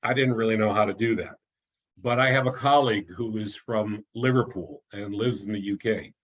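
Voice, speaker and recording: A man's voice: on the low side, moderate pace, dull audio. A man giving an online talk as an author, telling anecdotes in a chatty way, often restarting and chuckling at his own stories.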